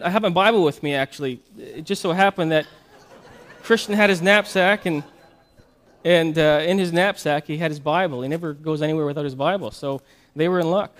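A preacher telling an animated story in his sermon, often repeating words as he goes. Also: fairly high pitch, fairly quick.

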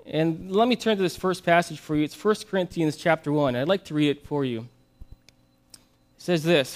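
A man preaches with a fairly high voice, telling a story in an animated way. He often doubles back on his words and then reads scripture aloud. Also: moderate pace. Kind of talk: sermon storytelling.

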